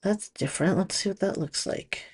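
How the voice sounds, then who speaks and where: A woman's voice: medium pitch, moderate pace, slightly rough. A woman casually demonstrating nail strips, chatty and thinking aloud as she works. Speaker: nail product stylist. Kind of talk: casual product demo.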